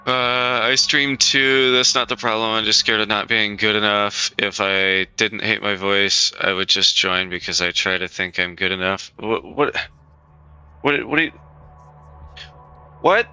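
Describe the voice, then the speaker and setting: Blunt, profane male streamer with a sharp voice. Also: on the low side, fairly even intonation, a little slow, clear, resonant tone, no room sound. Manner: blunt, profane, repetitive reassurance. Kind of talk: casual live-stream chat to viewers. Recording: dull lo-fi stream audio, faint music.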